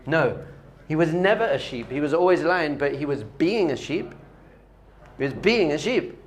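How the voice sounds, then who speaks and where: A man's voice: on the high side, expressive, moderate pace, a little hiss or hum. A man, a rabbi, giving a spiritual lesson with a story, talking animatedly and repeating key points for emphasis.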